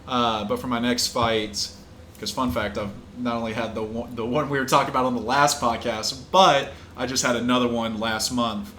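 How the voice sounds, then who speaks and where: A man's voice: medium pitch, fairly even intonation, moderate pace, pushed and bright, slight background noise. A young man, hosting a casual podcast, talking loosely with frequent swearing and easy laughs. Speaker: podcast host and pro fighter. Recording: echoey room with faint ambience.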